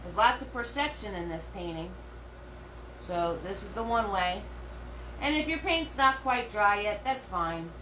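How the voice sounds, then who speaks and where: Animated but a little slow, a middle-aged woman with a mid-range, fairly bright voice teaches a live painting class. Her talk is chatty and rambling, full of fillers and restarts, and the roomy recording comes from a distance with a faint hum.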